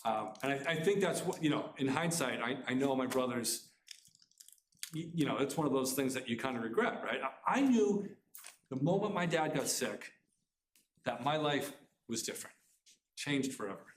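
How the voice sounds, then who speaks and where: A middle-aged man telling a personal family story to a live audience, talking fast and earnestly, often restarting his sentences. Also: mid-range voice, expressive, a little hiss or hum. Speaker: author giving a talk. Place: community center room. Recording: roomy hall sound.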